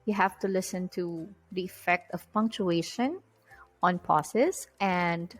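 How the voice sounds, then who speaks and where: A woman's voice: on the low side, slow, faint music behind, rough recording. A woman teaching an English test-prep lesson in an explanatory way, stressing key terms as she goes. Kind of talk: recorded lecture.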